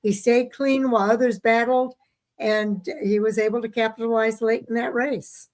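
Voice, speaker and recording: With hiccups interrupting her, this co-host of a casual racing show reads listener comments aloud and chats with plenty of fillers. Her voice is a little high and darkish in tone, steady and at a moderate pace.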